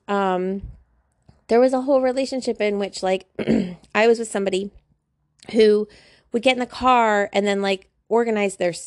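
A woman's voice: medium pitch, darkish tone, no echo, studio quality. A woman giving a casual, chatty self-help monologue, full of slang and filler words. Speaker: spiritual self-help vlogger. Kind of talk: casual talking-to-camera monologue.

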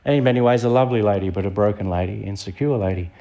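Very fast and gravelly yet warm, a lowish male voice carries a sermon from a middle-aged Australian visiting preacher. He speaks conversationally and poses rhetorical questions to the people in front of him.

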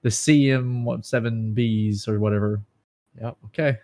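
A man's voice: fairly low pitch, unhurried. An American man with a Southern twang, hosting a casual podcast chat over a call and joking around with his co-hosts. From United States. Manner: joking, animated, drifts into a put-on twang. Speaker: podcast host.

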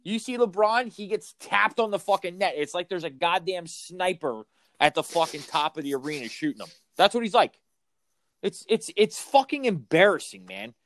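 A man's voice: high voice, animated, normal speed, fairly bright tone, no room sound. A middle-aged man who coaches youth sports, ranting about basketball on a podcast, swearing heavily and hammering every point. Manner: heated, swearing, emphatic ranting. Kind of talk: profane ranting sports chat.

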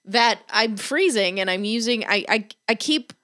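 A woman's voice: on the high side, animated, moderate pace, a bit bright. Rambling, laughing woman podcast host. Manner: rambling, self-mocking, laughs often. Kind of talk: casual chat.

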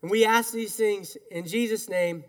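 A male pastor with an unusually high voice delivers an earnest, emphatic sermon. He leads his congregation in call-and-response. His words ring with the long reverb of a large church hall. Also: steady tone, normal speed. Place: church sanctuary.

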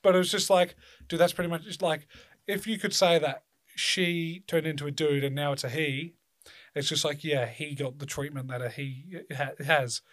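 A man in casual podcast talk, his voice sitting a little high for a man. He rambles and swears freely, dropping into small put-on voices to act out what people say. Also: fairly even intonation, normal speed, a bit bright. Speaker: podcast co-host. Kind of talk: casual chat.

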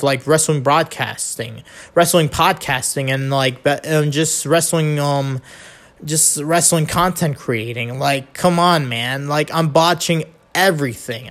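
A man hosting a casual solo podcast, with a nasal voice, rambling, restarting his sentences and swearing casually. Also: on the high side. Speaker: podcast host.

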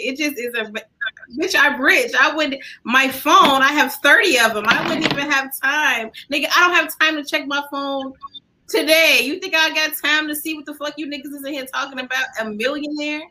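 A woman co-hosting a casual chat, talking in a blunt, profane and animated way. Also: sits high, moderate pace, low-quality recording.

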